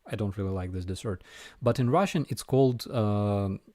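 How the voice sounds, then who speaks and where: A man's voice: fairly low pitch, normal speed, darkish tone, dry recording, studio quality. A man with a Ukrainian accent hosting a casual live viewer Q&A, hesitant with many fillers and restarts.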